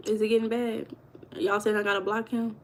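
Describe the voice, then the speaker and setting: A woman's voice: medium pitch, little pitch movement, brisk, a little hiss or hum. A woman hosting a casual livestream, chatting and gossiping with her viewers and reading their comments aloud. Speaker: livestream host.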